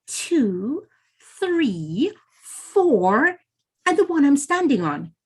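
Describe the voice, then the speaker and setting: A polite young mother guinea fowl with a high, lively voice, as a woman puts her on. She speaks calmly and patiently in a storybook telling, with a lilt. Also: extremely slow, heavily acted.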